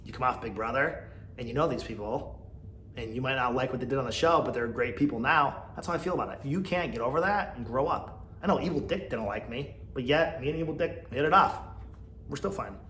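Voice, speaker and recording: Chatty man ranting in an echoey room. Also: brisk. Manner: chatty and gossipy, swinging between loud outbursts and mumbled asides; mocking, mimics others in a high whiny voice. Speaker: podcast host. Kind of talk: casual solo podcast rant. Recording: echoey room with faint background noise.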